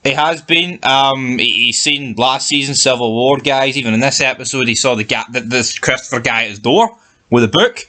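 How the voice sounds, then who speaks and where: A man co-hosting a casual TV review chat, animated and swearing freely as he rants. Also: mid-range voice, moderate pace. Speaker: TV review podcast co-host.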